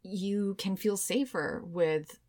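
A woman's voice: mid-range voice, slow pace, darkish tone. A woman co-hosting a casual chat, explaining psychology research in an easygoing, teasing way. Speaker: podcast co-host.

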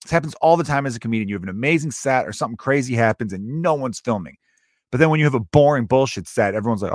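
A man who is a stand-up comedian, telling a story in a casual, profane, animated way and acting out the quotes. He speaks as someone grieving. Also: mid-range voice, rapid-fire, no echo, clean studio sound.

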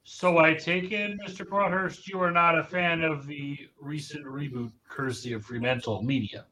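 A man's voice: a little high, fairly even intonation, normal speed, bright, forceful tone, rough recording. A man co-hosting a podcast in casual chat, playful and mock-formal. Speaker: podcast co-host.

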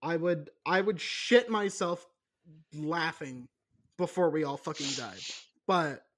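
A man with a notably high voice co-hosting a casual podcast. He rambles, jokes and restarts his sentences often, laughing along as he goes. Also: slow, a bit bright. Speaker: podcast co-host. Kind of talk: casual chat.

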